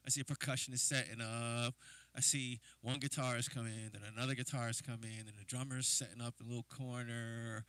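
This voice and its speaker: A man's voice: medium pitch, sharp tone, no echo. A man from New Jersey, a drummer hosting a livestream, telling casual, rambling stories with lots of fillers. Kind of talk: casual storytelling.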